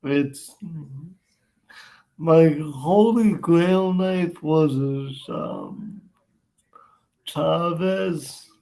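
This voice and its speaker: Casting: young male host, very slow halting delivery, gravelly fry, slightly higher pitch. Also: warm tone, low-quality recording. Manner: halting, restarts often. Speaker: podcast host. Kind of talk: casual chat.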